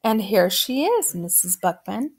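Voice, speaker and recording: A woman voicing a solemn young boy who talks in a gentle, formal way. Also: fairly high pitch, very animated, normal speed, creaky, full character voice. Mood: earnest.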